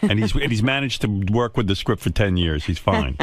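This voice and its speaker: Man, talk radio host, low voice, sardonic, mocking, dry studio sound. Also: fairly quick, no echo. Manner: sardonic, mocking, animated delivery. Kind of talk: casual talk radio banter.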